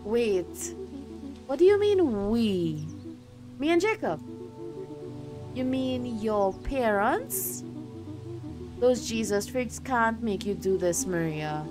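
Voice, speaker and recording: A woman's voice: on the high side, very animated, slow, long pauses. A woman reading the lines of a blunt, protective young woman in a game, scornful and pleading. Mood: upset. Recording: game music behind.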